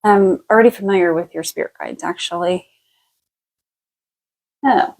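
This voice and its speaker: A woman working as a psychic medium on a live stream, giving a past-life reading. She talks in a relaxed, chatty way, thinks aloud, and often stops to restart a thought or reach for the next word. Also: fairly low pitch, vocal fry, poor audio. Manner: thinks aloud in a halting way, with many fillers and restarts; relaxed and chatty, laughs easily.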